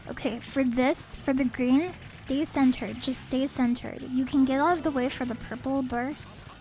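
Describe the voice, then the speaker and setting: Brief: bright, high-pitched woman game streamer, rambling and playful, slightly sniffly. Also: fairly even intonation, moderate pace, low-quality recording. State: a little sniffly. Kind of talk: casual game stream chat. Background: faint game music.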